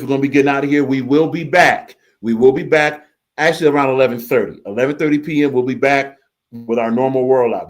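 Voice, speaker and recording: Animated man hosting a live stream. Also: medium pitch. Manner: animated, repeats phrases, reads chat comments aloud. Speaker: livestream host reading chat. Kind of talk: casual live reaction stream.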